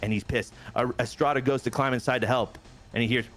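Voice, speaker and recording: A man casually narrating a multiplayer wrestling management game session, animated and quick to act out the wrestlers' lines. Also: medium pitch, soft background music. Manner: animated storyteller, briefly acting out wrestlers' lines. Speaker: game show host narrating a wrestling sim.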